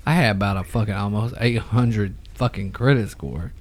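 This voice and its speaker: A man's voice: fairly low pitch, normal speed. A man in his thirties, a podcast co-host, talking casually with frequent swearing and laughter, poking fun at himself. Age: 30s. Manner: profane, laughing, self-mocking. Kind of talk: casual chat.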